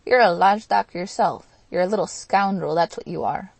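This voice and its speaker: A woman voicing a hot-headed, drunken young man in an audiobook, loud and blustering. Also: mid-range voice, little pitch movement, measured pace, vocal fry, no echo.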